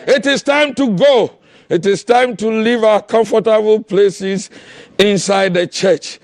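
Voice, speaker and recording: A man preaching a fiery sermon, impassioned and often shouting, with repeated calls to the congregation. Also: high-pitched, unhurried, no room sound.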